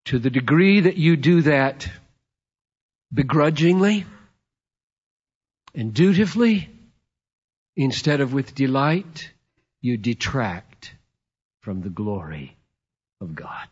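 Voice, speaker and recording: A man in his fifties preaching a sermon, emphatic and playful, swinging from loud to hushed. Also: medium pitch, sing-song, slow, pauses often, slightly rough, lo-fi sound. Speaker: pastor.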